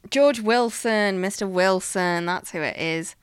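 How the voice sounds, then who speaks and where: A woman's voice: medium pitch, clear, resonant tone, no room sound, studio quality. A woman in casual chat, tossing out wry quips and jokes as a co-host. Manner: wry, quick quips, laughs often. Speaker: podcast co-host.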